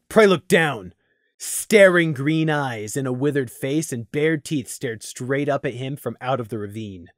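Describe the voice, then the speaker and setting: Lively male audiobook narrator. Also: on the high side, no room sound, studio quality. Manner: expressive, dramatic reading. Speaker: voice actor narrator. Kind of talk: audiobook reading of a fantasy story.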